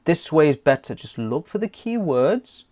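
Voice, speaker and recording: A man's voice: a little high, sing-song, normal speed, dark tone. A man teaching an online driving theory lesson, reading questions aloud in a chatty, jokey way with lots of fillers.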